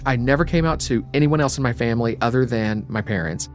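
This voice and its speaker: A young adult man, interviewed, reflecting on his life in a quiet, emotional way. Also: mid-range voice, fast, soft background music. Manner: reflective, quietly emotional, sometimes trails to a whisper. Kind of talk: personal storytelling.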